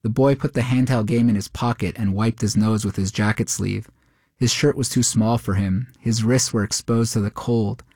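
Man, story reading, steady narration, lowish pitch, dry close sound. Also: moderate pace, no room sound.

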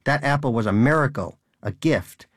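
A man's voice: medium pitch, animated, moderate pace, dry recording, studio quality, voice pushed up, lightly acted. A man voicing a pious, bitter male pet rodent in a cage, talking in an earnest, preachy way.

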